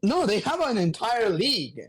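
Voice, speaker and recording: A man co-hosting a podcast, recapping comic books in casual chat, an animated storyteller who swears freely. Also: sits high, normal speed. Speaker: podcast co-host.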